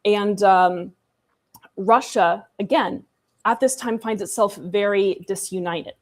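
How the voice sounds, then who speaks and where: A woman's voice: medium pitch, slow. Chatty, irreverent woman host. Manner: chatty and irreverent, with sarcastic asides and laughs. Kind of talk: casual history discussion.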